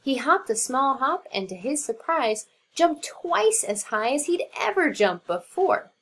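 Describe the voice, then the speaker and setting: A woman teacher narrating a children's storybook aloud in an expressive reading. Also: high-pitched, unhurried.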